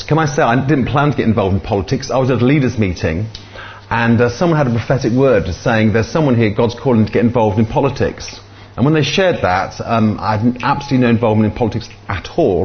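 A man's voice: mid-range voice, highs cut off. A man speaking as a guest in church, telling a joke and a personal story casually. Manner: conversational storytelling with fillers. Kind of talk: sermon with an opening joke.

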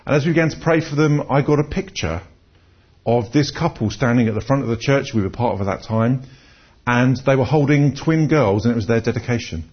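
A man's voice: mid-range voice, a little fast, breathy edge. A man preaching a conversational sermon, telling personal stories and often restarting his words. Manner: conversational, storytelling, repeats words when restarting. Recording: dull lo-fi recording.

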